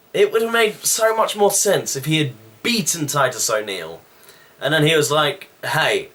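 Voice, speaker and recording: A man casually reviewing a wrestling show, chatty and loose with sighs and quick asides. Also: on the high side, sharp tone.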